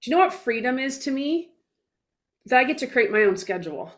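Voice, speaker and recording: A woman's voice: high-pitched, big pitch swings, a little fast, a bit bright. A woman in her forties speaking as a guest in an interview, blunt and emphatic, with mild swearing and little acted-out dialogues in her stories. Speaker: guest speaker, business coach. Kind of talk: casual interview talk.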